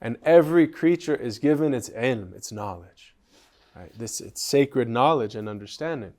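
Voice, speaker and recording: A man teaching at a spiritual retreat, relaxed and conversational, often checking in with his listeners. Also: mid-range voice, moderate pace. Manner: relaxed, conversational, asks the group questions. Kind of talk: storytelling lesson on a classic poem.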